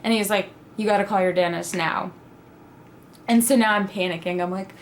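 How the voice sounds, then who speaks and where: A woman's voice: medium pitch, moderate pace. A young adult woman recounting a mishap in a casual vlog, voice sitting mid-range. She tells it dramatically, slipping into quoted reactions. A faint hiss of ambient noise sits under her voice. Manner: animated, dramatic retelling with quoted asides. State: pregnant (at the time told). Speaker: vlogger. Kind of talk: casual storytelling.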